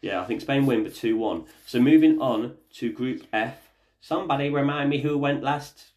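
A man's voice: mid-range voice, normal speed, darkish tone. A man hosting a casual family podcast as the dad, chatty and jokey, leading the talk with questions.

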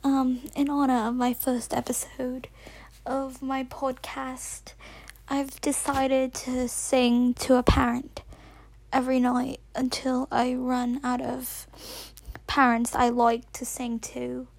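A woman's voice: high voice, monotone, takes it slowly, creaky, no echo. A woman hosting a podcast in a put-on British accent, rambling nervously with whispered asides and self-corrections. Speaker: podcast host. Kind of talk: casual rambling monologue.

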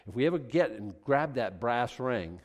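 A man preaching a sermon, acting out conversations in an animated, building delivery. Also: medium pitch, normal speed. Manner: animated, acts out dialogue with rising intensity.

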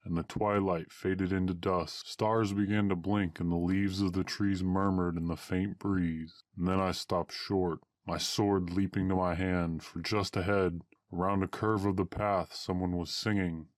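A man narrating a first-person adventure story aloud in old-fashioned, archaic wording, at a steady storytelling pace. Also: low voice, measured pace, few pauses, dry recording, studio quality.

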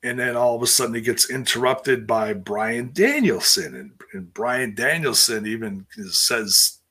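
A man with a husky, bright-edged voice rambles through a casual wrestling recap, expressive and a little slow. He keeps interrupting and restarting himself, and his pitch jumps higher when he acts out what people said.

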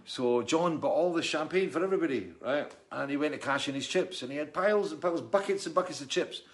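A fast-talking middle-aged musician with a slightly high voice and lively intonation hosts a live stream. He reads viewer comments and tells rambling stories in a casual, chatty, jokey way.

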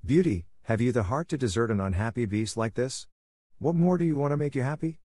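A mournful storybook beast who pleads and sighs over being left alone, read aloud by a man. The voice sits on the low side and sounds dry, close and plain. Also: expressive, a little fast, darkish tone, no room sound, lightly acted. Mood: sorrowful. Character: sorrowful pleading male beast.

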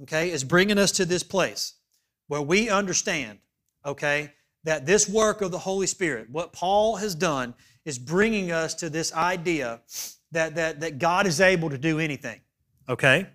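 A male pastor preaching a sermon, emphatic, dropping to hushed asides and rising to loud appeals, often checking in with "okay?". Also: fairly high pitch, normal speed.

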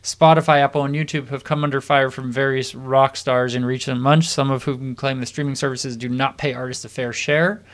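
A man's voice: medium pitch, fairly even intonation, brisk, hardly any pauses. A man hosting a music podcast, reading music news stories aloud with frequent "uh" and restarts. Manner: reads stories with hesitant fillers. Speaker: podcast host. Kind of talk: casual chat and reading news.

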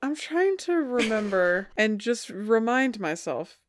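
A woman's voice: on the high side, very animated, slow pace, slight background noise. Dry-witted woman podcast co-host. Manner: dry teasing quips. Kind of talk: casual chat.

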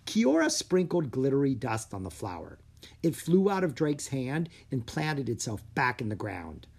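A narrator reading a children's audiobook with expressive storytelling. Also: medium pitch, normal speed, gravelly, slightly rough.

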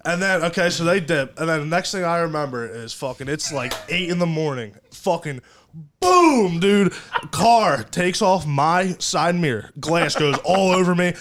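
A young man with a slightly higher voice rambles through a wild story on a podcast, swearing constantly and leaning on slang. A faint hiss sits under his casual chat. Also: normal speed, few pauses, a bit bright. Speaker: podcast co-host.

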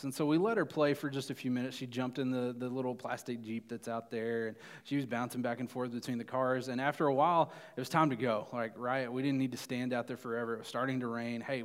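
Chatty young man preaching in a hall. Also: medium pitch. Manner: casual, chatty, often asks "right?". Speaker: youth pastor. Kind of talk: youth sermon with personal story.

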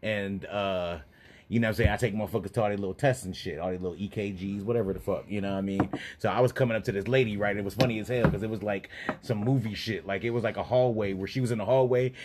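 Fast-talking man telling a story. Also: fairly low pitch, fairly even intonation, background noise. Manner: profane, laughing storyteller. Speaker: podcast co-host. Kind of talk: casual chat, storytelling.

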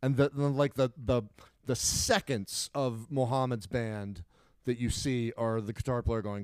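Smooth-voiced man riffing in casual chat. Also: mid-range voice, measured pace, no echo. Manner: animated, rambling storyteller with frequent restarts. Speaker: podcast co-host.

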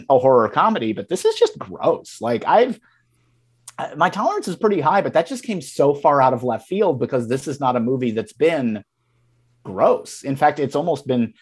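A man's voice: medium pitch, very animated, normal speed, husky. Guy rambling about a movie on a podcast, voice jumps all over the place, keeps restarting. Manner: rambling, heavy on fillers and restarts. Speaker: podcast co-host. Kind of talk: casual film discussion.

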